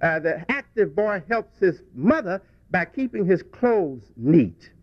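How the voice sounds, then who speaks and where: A man's voice: sits high, very animated, slow pace, no room sound. A man speaking to a congregation, telling a childhood story in a folksy way with frequent restarts. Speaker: religious speaker. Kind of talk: reflective talk to a congregation. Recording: dull dry lo-fi recording.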